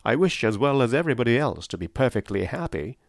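A man reading a reserved young gentleman with mild, gently teasing speech. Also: mid-range voice, sing-song, fast, vocal fry, no echo, studio quality. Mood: wry.

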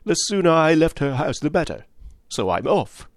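A man voicing a brusque, blunt middle-aged spinster who speaks in curt, forceful bursts. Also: a little high, very animated, moderate pace, dry recording, studio quality, pitched above the performer's own voice. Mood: indignant.

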